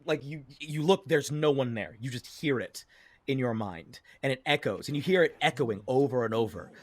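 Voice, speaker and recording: A man narrating as game master, halting with many fillers. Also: mid-range voice, no echo.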